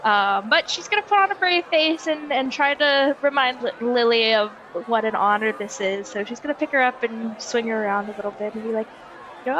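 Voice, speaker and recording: A woman's voice: a little high, brisk, a bit bright, highs cut off, slight background noise. A woman playing a tabletop game, talking in a chatty, giggly way. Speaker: player.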